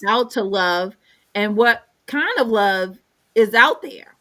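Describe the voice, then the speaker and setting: Woman, co-host, slow scripture reading, deliberate delivery. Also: medium pitch, expressive, sharp tone. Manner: reads slowly and deliberately. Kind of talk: reading scripture and faith chat.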